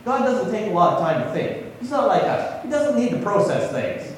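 Preaching at a moderate pace, a male pastor keeps his sermon relaxed and conversational, frequently asking the congregation questions. His slightly high voice rises and falls a great deal, and he sounds far from the mic, wrapped in a long hall echo with slight background noise.

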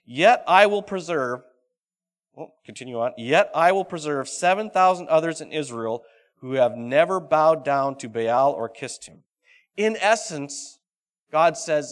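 A man preaching a sermon. He reads scripture aloud dramatically and keeps asking the congregation questions, swinging between loud and hushed delivery. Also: fairly high pitch, expressive, a little slow. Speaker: pastor.

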